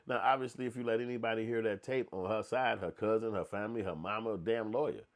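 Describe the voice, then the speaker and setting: A man's voice: on the low side, quick pace. A man giving a blunt, profane, slang-heavy commentary rant, stopping often to act out quotes in other voices.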